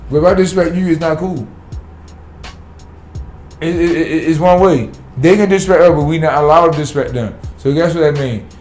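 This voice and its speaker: A man's voice: on the high side, brisk, a little mellow, roomy sound, faint music behind. A man, a city sanitation worker talking bluntly and profanely in a casual podcast interview.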